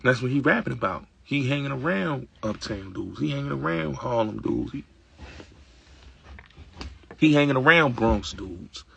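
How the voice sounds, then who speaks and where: A man's voice: medium pitch, lively intonation, normal speed, pauses often, slight background noise. A man hosting his own show, talking in a casual, emphatic and streetwise way and repeating his points with lots of fillers. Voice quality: gravelly, raspy voice. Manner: emphatic, repetitive, streetwise talk. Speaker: show host. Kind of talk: casual opinionated monologue.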